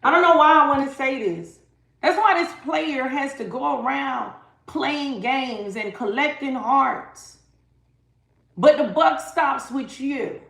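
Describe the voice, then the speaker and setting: A woman's voice: sits high, takes it slowly, creaky, fairly bright tone, reverberant. A woman giving a live-stream tarot reading, talking emphatically and dramatically straight to her viewers. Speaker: tarot reader.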